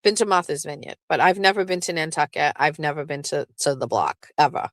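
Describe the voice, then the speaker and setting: Low-pitched and fairly quick, with no echo, this show host from southeastern Massachusetts rambles through casual chat. She curses freely, stays lively, and laughs often.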